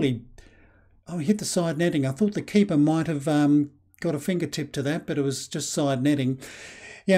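A Scottish man giving casual, excitable play-by-play commentary over a football management game, with lots of fillers. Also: a little high. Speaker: game channel host.

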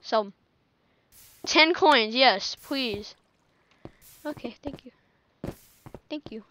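High-voiced woman muttering through gameplay. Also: takes it slowly, background noise. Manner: chatty, talks to herself, laughs often. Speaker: gaming channel host. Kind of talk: casual gameplay commentary.

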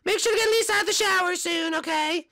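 A man doing a shrill scolding cartoon mom. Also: fast talker, pushed and bright, heavily acted. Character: nagging, fussy cartoon mom.

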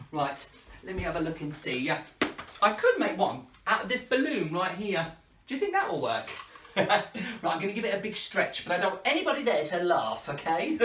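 A woman hosting an interactive children's party show, playful and animated as she coaxes the kids to join in. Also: medium pitch, distant mic. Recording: echoey room, voice from off-mic.

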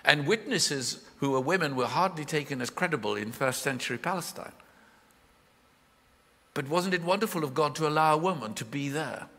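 A man preaching a live sermon in a church, expressive and full of questions to his listeners. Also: a little high, moderate pace. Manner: expressive, questioning, voices the Bible figures in his retelling. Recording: hall reverb from a live church.

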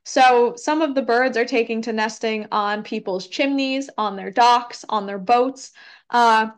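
A young woman with a slightly high voice presents an educational talk in a relaxed, conversational way. She fills pauses with ums and hedges her answers. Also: clean tone. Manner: frequent ums, hedging, conversational. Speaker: environmental educator giving a talk. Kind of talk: casual presentation with Q&A.

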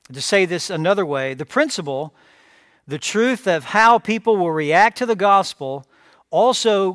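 A man's voice: on the high side, fairly bright tone, no echo, studio quality. A man preaching a sermon as pastor, emphatic, repeating phrases and asking rhetorical questions. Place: church sanctuary.

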